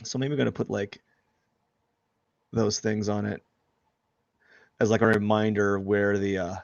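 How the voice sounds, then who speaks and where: A man's voice: fairly low pitch, flat delivery, normal speed, creaky, dry recording, dull audio. A man chatting casually and joking about himself while he draws on a live stream. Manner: rambling, self-deprecating, joking. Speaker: artist streaming live drawing.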